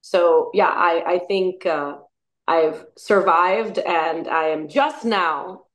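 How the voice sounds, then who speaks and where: Brief: thirtysomething woman, upbeat interviewee, chatty and warm laughter, lower register. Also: takes it slowly. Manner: enthusiastic, laughs often, restarts. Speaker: musician and actor, interview guest. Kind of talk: casual interview chat.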